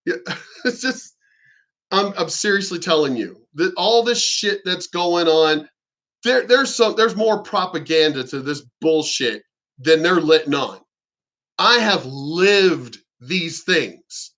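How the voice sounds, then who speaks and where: A man's voice: fairly high pitch, animated, slow, fairly bright tone. A man venting to his viewers in an emphatic, indignant rant, swearing often and repeating and restarting his sentences. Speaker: vlogger. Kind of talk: ranting monologue to camera.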